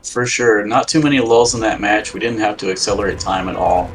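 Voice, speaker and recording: A man's voice: on the low side, brisk, a little hiss or hum, poor audio. A man co-commentating a strategy game, laid-back, mostly short agreeing replies. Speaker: guest co-caster.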